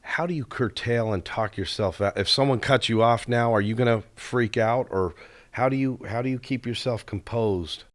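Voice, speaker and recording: A man's voice: mid-range voice, moderate pace. A male interviewer who asks his questions in an earnest, admiring way.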